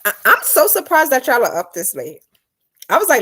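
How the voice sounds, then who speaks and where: A woman's voice: sits high, breathy edge. Chatty young woman on a late-night live stream. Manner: lively, chatty, quick mood swings, acts out her mom's lines. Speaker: live-stream host reading chat. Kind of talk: casual chat.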